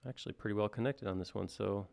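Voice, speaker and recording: A man with a lowish, gravelly voice walks through a live software tutorial. He thinks aloud as he goes and jokes at his own expense in a relaxed, chatty way. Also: fast talker. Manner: thinks aloud, casual and self-deprecating. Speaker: software instructor. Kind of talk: live-stream modeling tutorial.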